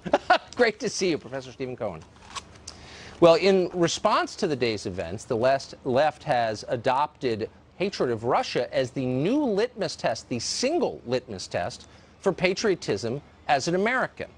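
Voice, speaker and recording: A man's voice: mid-range voice, sing-song, unhurried, breathy edge. A man hosting a TV news show, interviewing a guest and delivering commentary with probing questions and stumbling restarts. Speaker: TV news host.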